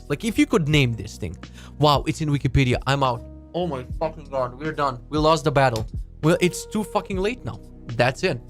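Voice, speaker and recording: A man streaming casually, his talk full of swearing and sarcastic rants. His pitch sits in the middle for a man. Faint music runs under his voice. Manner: profane, ranting, sarcastic. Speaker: livestream host. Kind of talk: casual live-stream chat.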